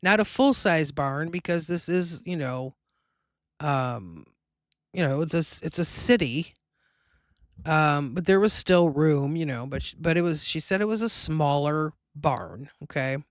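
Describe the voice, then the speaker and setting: Woman, middle-aged, medium, casual storytelling, slow and drawn out, dry sound. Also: low-pitched, dry recording. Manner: animated, acts out quoted people, many fillers. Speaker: medium telling a personal story.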